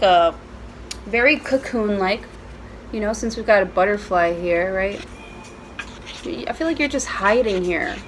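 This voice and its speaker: Slow-talking woman giving a casual tarot reading. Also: mid-range voice, a little hiss or hum, poor audio. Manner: chatty, profane and playful. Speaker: tarot reader. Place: at home.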